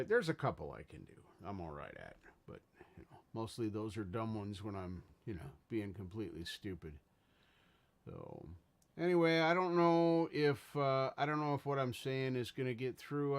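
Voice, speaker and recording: A man of average pitch talks in a loose, rambling way on a casual livestream. He is earnest and stops now and then to greet viewers in chat. He sounds like he is at home on a desk mic. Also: clean tone. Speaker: livestream host.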